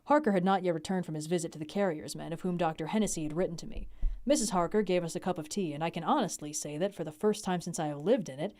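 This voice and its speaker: A young adult woman reading a classic novel aloud on a livestream, with an expressive delivery. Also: lowish voice, fast. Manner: expressive reading, laughs in chat breaks.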